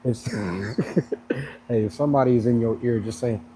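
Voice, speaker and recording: A man's voice: medium pitch, measured pace. A man vlogging at a gym in casual chat, rambling and laughing as he tells a story. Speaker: fitness vlogger. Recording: noisy background.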